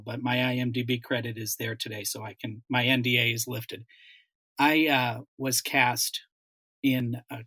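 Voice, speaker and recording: A man's voice: medium pitch, a bit bright, no echo. A man, a dialect coach and voice actor, telling a story in a casual panel chat, with many restarts.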